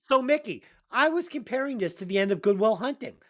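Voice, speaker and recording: Profane, animated woman podcast co-host. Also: fairly high pitch, a little fast. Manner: profane, animated, emphatic storytelling. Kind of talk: casual movie-review chat.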